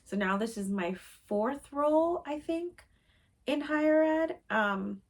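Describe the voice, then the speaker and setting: A woman's voice: high voice, lively intonation, takes it slowly. A woman vlogger in casual chat, rambling with many fillers and openly sensitive about her feelings.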